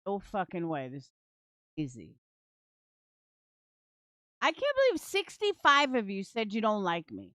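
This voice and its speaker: A woman's voice: medium pitch, huge pitch swings, brisk, hardly any pauses, a bit bright, dry recording, studio quality. A woman doing casual livestream commentary from home, blunt, profane and sarcastic toward her targets. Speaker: true crime commentary streamer.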